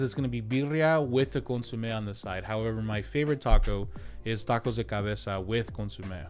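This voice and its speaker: A man's voice: mid-range voice, clean tone. A man, a real estate agent, hosting a casual livestream, rambling and reading out viewer comments as he goes. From United States. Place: home, streaming.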